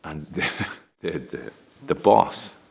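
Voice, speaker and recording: Very deep-voiced man telling a candid story. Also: animated, creaky, a little mellow, husky. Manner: candid, halting, with frequent restarts and laughs. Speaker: father telling a personal story. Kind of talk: emotional personal storytelling.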